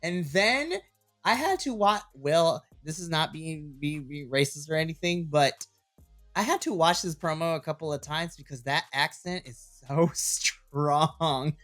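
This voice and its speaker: A man in his thirties co-hosting a wrestling podcast, recapping matches in an animated way and laughing often. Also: fairly high pitch, a little slow, faint music behind. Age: 30s. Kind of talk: casual chat.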